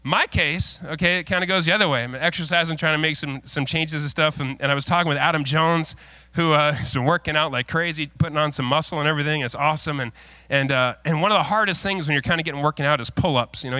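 A middle-aged male pastor preaching a sermon, mixing folksy, self-deprecating stories with earnest, lowered exhortation. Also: quick pace, hardly any pauses, pushed and bright, no room sound. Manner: folksy, self-deprecating storytelling with frequent laughs.

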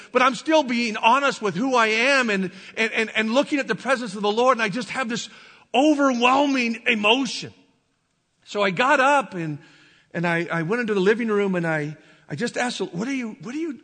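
A man preaching a sermon, telling a personal story in a halting, emotional way, stumbling over and repeating his words. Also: sits high, sharp tone, long reverb tail. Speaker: pastor. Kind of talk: sermon testimony.

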